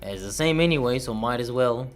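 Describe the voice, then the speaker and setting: A man's voice: medium pitch, animated, a little fast, clean tone. A man chatting casually on a livestream, laid-back, swearing and tripping over words.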